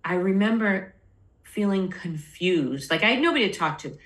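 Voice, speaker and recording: A woman's voice: mid-range voice, animated, normal speed. A middle-aged woman, a podcast guest, telling her personal story candidly and acting out the voices of people she quotes. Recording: roomy echo.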